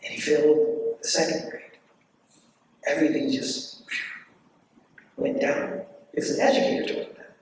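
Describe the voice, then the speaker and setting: A man's voice: fairly high pitch, flat delivery, far from the mic, slight background noise. Impassioned man speaking in an echoey hall. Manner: rhetorical, repeating questions, drawn-out stresses. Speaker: guest speaker. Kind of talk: impassioned debate speech. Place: debate hall.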